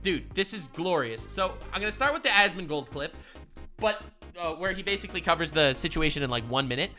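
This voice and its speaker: A bright, forceful male streamer reacting to clips with comedic commentary. He swears freely and bursts between loud excitement and low mutters. Faint music plays behind him. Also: fairly quick.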